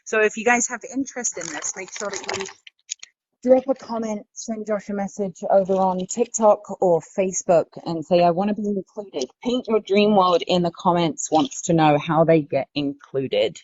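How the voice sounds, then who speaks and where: A woman's voice: medium pitch, normal speed, a little mellow, dull audio, a little hiss or hum. A woman co-hosting a live painting stream from her garage, upbeat and walking viewers through how to join in. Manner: upbeat, gives viewers instructions. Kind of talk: casual live-stream chat.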